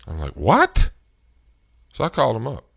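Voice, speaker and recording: A man hosting a show, telling an animated, exasperated story in casual chat. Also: low-pitched, a little slow. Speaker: show host. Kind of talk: storytelling rant.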